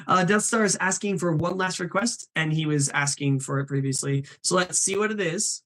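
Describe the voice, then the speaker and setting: A man's voice: sits high, normal speed, a bit bright. A man hosting a live stream, chatting in an upbeat way and reading names from the chat.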